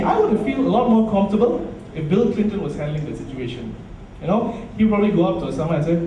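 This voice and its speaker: Doing stand-up for a club crowd, this Malaysian man talks fast with big pitch swings and a dark tone, though his voice sits high. His punchy lines often drop into low asides. He's captured from far across a very echoey nightclub room, a noisy crowd humming behind him.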